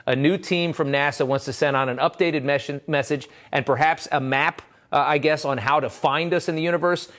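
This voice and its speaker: Quick man TV presenter. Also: fairly high pitch, steady tone, a bit bright. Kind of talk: broadcast interview question.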